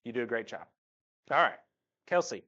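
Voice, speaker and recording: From the pulpit of a church sanctuary, a drawling man in his thirties talks to the congregation, blending jokes with heartfelt praise for his family. His mid-range voice is bright, forceful and lively at normal speed, jumping up when he imitates others, and the live recording sounds slightly dull.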